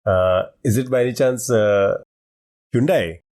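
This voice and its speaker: A man in an easygoing podcast chat, chatty and enthusiastic, thinking out loud between answers. His voice sits in a middle register and sounds close and dry, with no room around it. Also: medium pitch, unhurried, dry recording. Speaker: quiz podcast co-host. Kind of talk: casual chat.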